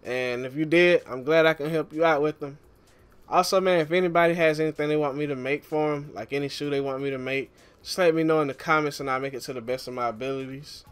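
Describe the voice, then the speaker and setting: A man casually walking viewers through a game tutorial, relaxed and chatty, often calling the listener "man". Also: fairly high pitch, fast, smooth. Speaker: gaming YouTuber.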